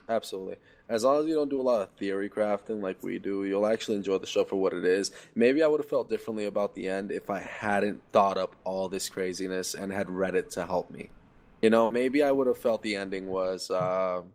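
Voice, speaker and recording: A man's voice: deep voice, fairly even intonation, a little fast, a little mellow. A young man co-hosting a podcast, laid-back and agreeable, with teasing banter. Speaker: podcast co-host. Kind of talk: casual chat.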